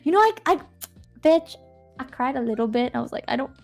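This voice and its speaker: A woman from Indonesia, a fellow streamer on a call, excitable and quick to swear and laugh, reading out a heartfelt farewell letter. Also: high-pitched, soft background music.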